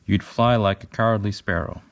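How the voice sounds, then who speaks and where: A man's voice: lowish voice, fairly even intonation, brisk, gravelly, highs cut off. A man voicing a sneering pirate captain in a storybook read-aloud, mock-polite and taunting. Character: sneering male pirate captain, menacing and courtly.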